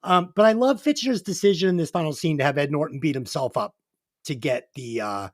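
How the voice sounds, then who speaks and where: A man's voice: fairly high pitch, expressive, a little fast, dry recording, studio quality. A man co-hosting a movie podcast, talking enthusiastically and swearing casually as he praises scenes. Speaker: podcast co-host. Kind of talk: casual movie review chat.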